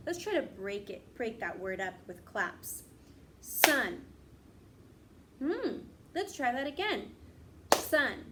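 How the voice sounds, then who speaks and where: A woman teaching young children, slowly stretching out words and encouraging them to repeat. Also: a little high, slight background noise. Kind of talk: classroom lesson for young children.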